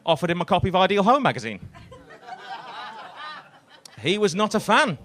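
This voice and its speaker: Deadpan comic, slightly high voice. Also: male voice, normal speed. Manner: deadpan, swearing, self-deprecating storytelling. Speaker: stand-up comedian. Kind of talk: stand-up comedy routine. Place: comedy club stage.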